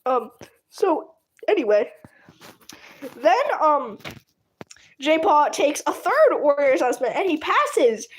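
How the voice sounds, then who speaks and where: A woman chats casually while drawing, retelling a fan story in a high, animated voice. She giggles often and rambles through fillers and restarts. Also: slow, long pauses. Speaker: channel host.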